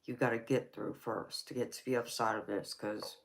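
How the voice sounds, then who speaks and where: A woman's voice: rumbling low, steady tone, brisk. A woman giving a live tarot reading, speaking in an emotional, intimate way and calling the client "baby". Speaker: tarot reader.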